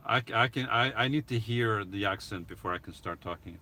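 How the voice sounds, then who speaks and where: A man answering viewers' questions in a casual live stream, talking haltingly with restarts and soft chuckles. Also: lowish voice.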